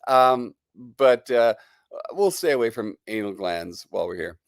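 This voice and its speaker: A man's voice: medium pitch, animated, a little slow, vocal fry, no room sound. Middle-aged New Jersey guy hosting a livestream, rambling and chatty, nursing a cold, dry close sound. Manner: chatty and rambling, greeting viewers. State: has a lingering cold. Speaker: livestream host. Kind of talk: casual live-stream chat.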